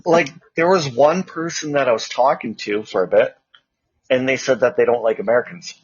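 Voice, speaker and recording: A man's voice: mid-range voice, normal speed, slightly rough, dry recording, dull audio. A Canadian man co-hosting a casual chat podcast, telling rambling stories full of fillers. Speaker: co-host.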